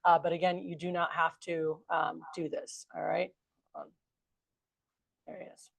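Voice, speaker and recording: A woman's voice: low voice, flat delivery, moderate pace, creaky, no room sound. A woman leads a training session in a chatty, upbeat way. She talks straight to a room full of trainees. Her voice sits close and dry, with almost no room sound. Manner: chatty, upbeat, addresses the group as "you guys". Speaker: sales trainer. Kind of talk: training a group. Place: meeting room with a large group.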